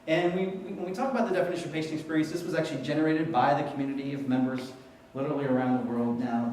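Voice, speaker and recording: A man's voice: medium pitch, very echoey, distant mic, a little hiss or hum, rough recording. A middle-aged man giving a storytelling talk on patient experience to an audience, acting out the voices of people in his stories. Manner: animated storyteller, acts out quoted voices. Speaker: keynote speaker on patient experience. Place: conference hall before an audience.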